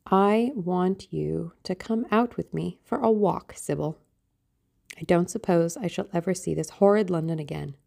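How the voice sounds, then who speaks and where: A woman's voice: on the low side, unhurried, creaky, a little mellow. A woman reading an audiobook voices a blunt, grumbling young man. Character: gruff, good-natured young man.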